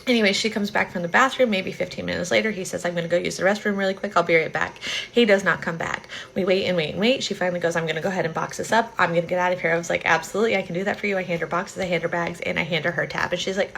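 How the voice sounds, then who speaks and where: A woman recounts a story from her job as a server, talking at a rapid clip. Her tone is exasperated, her voice sits a little low, and it is full of gravelly fry. Faint noise runs underneath. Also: fairly even intonation, fairly bright tone. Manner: fast, exasperated retelling. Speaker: restaurant server.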